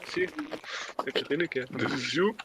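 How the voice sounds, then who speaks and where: A man's voice: medium pitch, very animated, normal speed. Rambling man, clicky noisy mic. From Germany. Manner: rambling, loose and talkative, swears casually. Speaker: streamer. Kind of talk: casual chat while streaming a game.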